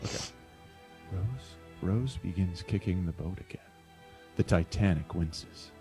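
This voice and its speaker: A man hosts and narrates a comedy script reading on a stream. His voice is fairly low, and he keeps stumbling and putting himself down in a flustered way. Faint music plays under him. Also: unhurried. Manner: flustered and self-deprecating. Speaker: narrator and show host.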